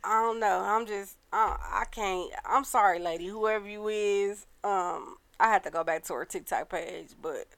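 A woman's voice: medium pitch, moderate pace, creaky, hardly any pauses, fairly bright tone. A woman podcast co-host, chatting bluntly and casually. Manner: blunt, disgusted, laughing. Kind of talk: casual chat.

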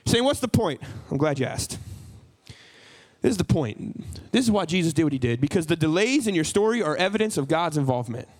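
A pastor, preaching an animated sermon and acting out dialogue. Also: male voice, a little high, fairly quick, low-quality recording.

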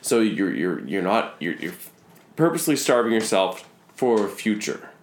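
A man's voice: fairly low pitch, sing-song, unhurried, reverberant. A man in casual chat. He tells stories in a rambling, profane way, with many restarts, inside a wooden cabin.

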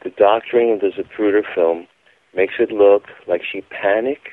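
Male radio guest, emphatic and insistent, lowish voice, dry thin phone line. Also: fairly even intonation, moderate pace, dry recording.

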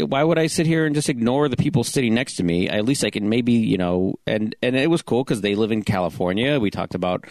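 A man's voice: lowish voice, no echo. A middle-aged man co-hosting a casual podcast, telling a self-deprecating story with lots of restarts. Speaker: podcast co-host. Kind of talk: casual chat.

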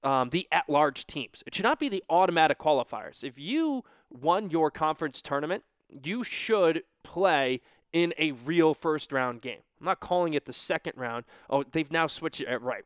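Young guy rambling thru his bracket picks, kinda high clean voice, dry close mic. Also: a bit bright, clear, resonant tone, dry recording. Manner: offhand, talking to himself while filling out a bracket. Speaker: bracket picker. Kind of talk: casual solo commentary.

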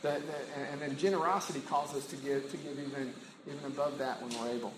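A man's voice: medium pitch, steady tone, quick pace, echoey room, background noise. A middle-aged man preaching in a casual, conversational way, with many fillers and restarts. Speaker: campus ministry pastor. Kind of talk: sermon.

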